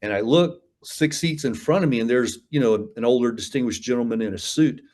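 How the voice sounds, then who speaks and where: A man's voice: mid-range voice, brisk, darkish tone. A man in his fifties telling stories as an interview guest, rambling with frequent fillers, restarts and a habit of saying "man.". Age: 50s. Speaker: interview guest, combat veteran. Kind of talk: casual storytelling interview.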